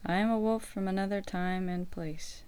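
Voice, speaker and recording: A woman's voice: medium pitch, fairly even intonation, moderate pace, a little mellow, clean tone, lightly acted. A woman voicing a trapped male wolf who wails for help and speaks with grave, wise solemnity. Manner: wailing, pleading, then grave and oracular.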